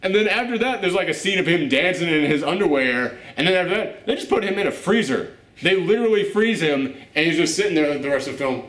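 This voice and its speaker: A man hosting a casual movie reaction chat, animated and profane, laughing often. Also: on the high side, fast talker, few pauses. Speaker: host of a movie reaction show. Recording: roomy echo.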